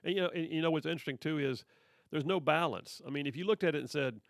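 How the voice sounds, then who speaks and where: A man's voice: fairly high pitch, fast talker, vocal fry, no echo, studio quality. A man hosting a talk radio show, commenting on the news in a folksy, emphatic way and calling people brother.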